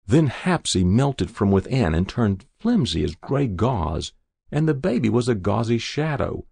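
A man narrating a literary short story in a measured, expressive way. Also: lowish voice, vocal fry, husky, no room sound. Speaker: reader.

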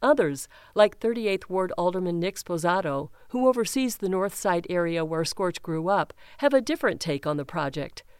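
A woman reading a news article aloud in an even, measured way, raising her pitch slightly when she reads quotes. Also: clean tone, dry recording, clean studio sound. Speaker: news reader.

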